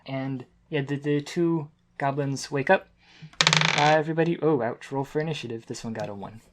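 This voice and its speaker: A man's voice: medium pitch, normal speed, noisy background. A man narrating scenes as game master of a tabletop game, with frequent ums and uhs.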